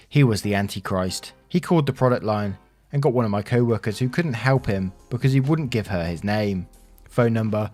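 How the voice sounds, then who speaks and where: Low-voiced man reading stories. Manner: casual asides between stories, relaxed commentary. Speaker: story narrator. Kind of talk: reading online stories aloud. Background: faint background music.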